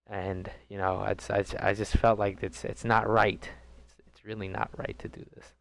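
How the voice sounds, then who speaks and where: A 19-year-old man telling a rambling, animated story with crude jokes in a casual vlog. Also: on the low side, moderate pace, vocal fry. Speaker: vlogger.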